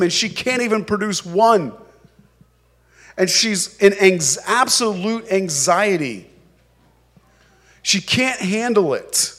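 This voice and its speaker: A man preaching with a high-pitched voice that stays unhurried and deliberate. He leans on words for emphasis and slips into the voices of the people in his story. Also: a bit bright. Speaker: pastor. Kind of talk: sermon.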